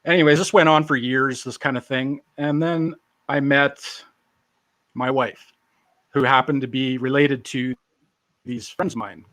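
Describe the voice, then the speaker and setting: A man's voice: mid-range voice, steady tone, measured pace, pauses often, a bit bright, no echo. A man in his forties tells his life story as an interview guest. He talks casually, with a self-deprecating, joking edge. The sound is dry and close, with no room around it. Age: 40s.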